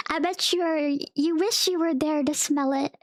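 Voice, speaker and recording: A woman's voice: sits high, slow, fairly bright tone, no echo, studio quality. A young woman streamer chatting casually to her viewers, rambling through a story and laughing often between sentences.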